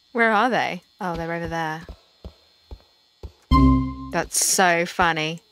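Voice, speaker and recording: Playful woman streamer, slow drawl. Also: on the low side, soft background music. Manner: playful, excitable, jokey. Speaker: gameplay streamer. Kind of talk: casual gameplay commentary.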